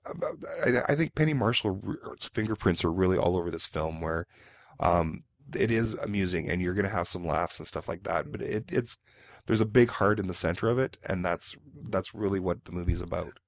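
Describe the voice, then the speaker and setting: A man with a very low, deep voice rambles through a casual movie-review chat, hungover and halting, full of ums and restarts. The sound is dry and close, with no room around it. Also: no echo. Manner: rambling, halting, with many fillers. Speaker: podcast co-host.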